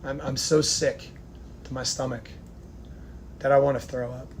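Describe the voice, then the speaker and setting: A man from the United States delivering an angry, profane rant to camera, swinging between loud outbursts and hushed, near-whispered lines. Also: medium pitch, flat delivery, measured pace, a little hiss or hum. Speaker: vlogger.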